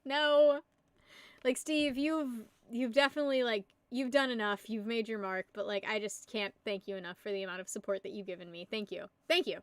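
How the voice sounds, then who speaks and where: A woman's voice: a little high, steady tone, fairly quick, smooth, no echo. A young woman from the United States chatting casually on a live stream, giggling and rambling as she answers her chat. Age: young adult. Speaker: livestreamer.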